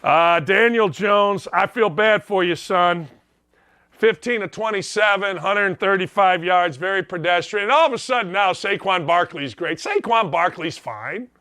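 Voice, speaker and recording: A middle-aged man hosting a sports show, ranting in a loud, blunt, sarcastic way. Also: sits high, expressive, unhurried, no echo, studio quality.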